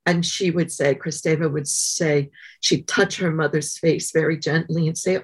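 Husky low-voiced woman telling stories. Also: steady tone. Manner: thoughtful, many pauses and fillers. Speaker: guest author. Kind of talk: conversational interview storytelling.

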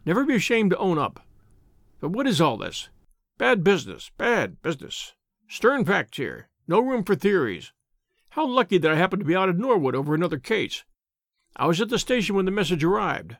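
Guy doing a wheezy husky blustering cop, full of himself, gravelly and kinda high. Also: very animated, brisk, a bit bright, no echo, clean studio sound, exaggerated voice. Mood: patronizing. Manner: blustering, self-satisfied. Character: stout pompous middle-aged police inspector.

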